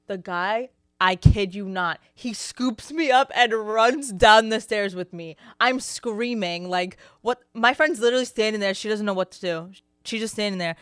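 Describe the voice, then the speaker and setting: Animated young woman telling a wild story. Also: medium pitch, normal speed, hardly any pauses, clean tone, dry recording, studio quality. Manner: animated storyteller, swears freely, acts out quotes. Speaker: podcast co-host. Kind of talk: casual storytelling chat.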